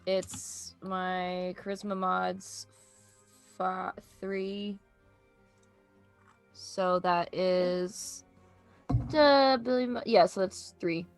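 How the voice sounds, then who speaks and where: A woman playing a tabletop game who thinks aloud in halting bits and swears casually. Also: on the low side, fairly even intonation, faint music behind. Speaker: player.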